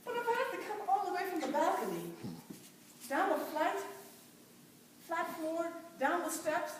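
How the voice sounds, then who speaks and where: A fervent, determined mother who was once enslaved speaks in an impassioned first-person stage monologue, played by a woman. Her high voice breaks often into cries of "oh." She sounds far from the mic in a very echoey church with a faint hum behind. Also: very animated, measured pace, exaggerated voice. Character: devout formerly enslaved mother, fierce and determined. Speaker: church dramatic performer. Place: large church sanctuary.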